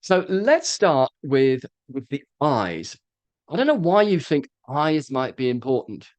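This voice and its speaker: A man, a presentation coach giving a live workshop talk, animated and demonstrative, with frequent ums. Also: medium pitch, unhurried, dry recording.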